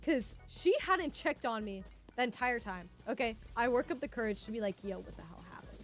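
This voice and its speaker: Young woman, streamer, story time, bright-ish high voice, quiet music behind. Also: fairly quick. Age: 20s. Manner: animated, filler-heavy, laughs often.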